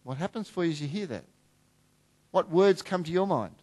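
A middle-aged man preaching a sermon in a fairly high voice. He talks to the congregation in a conversational way, shifting between hushed, quiet lines and emphatic declarations. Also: expressive, normal speed. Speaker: pastor.

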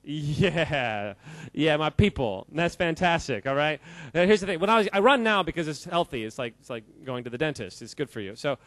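A man giving an animated, jokey talk to a live audience, quizzing the crowd and often laughing. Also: a little high, quick pace, hardly any pauses, no room sound. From United States. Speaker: speaker addressing a live audience. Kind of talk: lively audience-interactive talk.

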